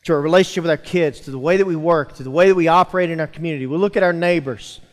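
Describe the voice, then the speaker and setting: A man preaches to his congregation in a church sanctuary, his voice sitting a little high for a man. He builds emphasis and calls out to the room. The sound rings with a long hall reverb. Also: rapid-fire, few pauses. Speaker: pastor. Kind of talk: sermon.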